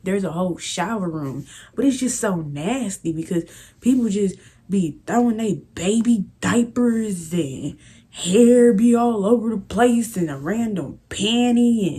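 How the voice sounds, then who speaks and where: A young woman vlogger telling a casual, animated storytime with lots of slang. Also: lowish voice, slightly rough.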